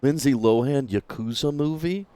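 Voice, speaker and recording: A man's voice: medium pitch, moderate pace, warm tone, clean tone. A man streaming a game who reads the characters' lines aloud in put-on voices, joking and swearing as he plays. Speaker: streamer playing and voicing a game. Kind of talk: let's play with voiced dialogue.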